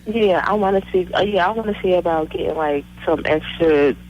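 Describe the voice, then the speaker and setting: A woman's voice: fairly low pitch, brisk, slight background noise. Hesitant thirtysomething woman caller on a phone. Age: 30s. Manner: hesitant, rambling, many fillers. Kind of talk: phone call to a radio show. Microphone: cell phone. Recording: muffled phone line.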